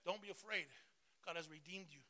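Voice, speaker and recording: A man pastor preaching a sermon, calling out to the congregation for responses and swinging between loud bursts and soft asides. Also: high voice, a little fast. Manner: emphatic call-and-response preaching.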